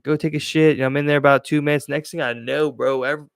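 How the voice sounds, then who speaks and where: A man's voice: a little high, level tone, fast talker, creaky, clean tone, no echo, studio quality. A young man from Maryland telling loose, profane stories as a podcast host, laughing as he goes. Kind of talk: casual chat, storytelling.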